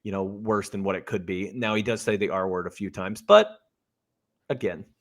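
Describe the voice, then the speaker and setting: A man's voice: lowish voice, animated, normal speed. A man co-hosting a podcast, chatting casually and quoting lines with amused gusto. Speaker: podcast co-host. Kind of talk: casual chat.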